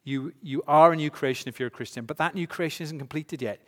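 A man's voice: on the high side, quick pace. A man preaching a sermon to a congregation, emphatic and full of rhetorical questions. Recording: long hall reverb.

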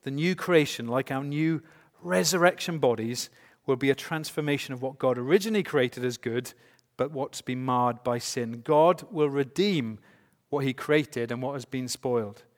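A man's voice: mid-range voice, moderate pace. A man preaching a sermon to a congregation, emphatic and full of rhetorical questions. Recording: long hall reverb.

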